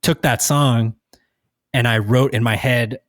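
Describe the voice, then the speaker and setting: A man's voice: medium pitch, fairly even intonation, a little slow, no echo. Guy hosting a podcast, rambly, lots of ums and restarts, dry mic. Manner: rambling, many restarts and fillers. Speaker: podcast host. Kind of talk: casual chat.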